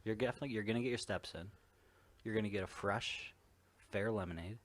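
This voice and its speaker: A man co-hosting a casual podcast who chimes in with quick, joking asides. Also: on the low side. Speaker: podcast co-host. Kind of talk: casual chat.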